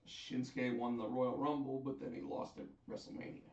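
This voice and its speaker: A man hosting a casual wrestling chat on a live stream, chatty and animated as he tells what happened. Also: mid-range voice, normal speed. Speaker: host. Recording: echoey, distant, dull sound.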